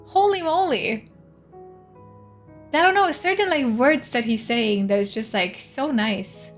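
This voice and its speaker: A young woman from Sweden speaks English while streaming a game, chatting casually with her viewers. Her voice sits a little high, and she giggles often and chatters on. Soft music plays faintly underneath. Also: lively intonation, a little slow. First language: Swedish. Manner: chatty and giggly, reads game text aloud. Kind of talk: casual gameplay chat.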